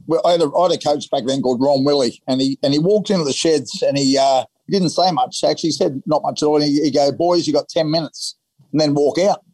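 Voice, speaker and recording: A man's voice: on the high side, fast, hardly any pauses, darkish tone, dry recording. An Australian man and former rugby league player, telling rambling anecdotes in an interview and acting out the quotes. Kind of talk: casual interview storytelling.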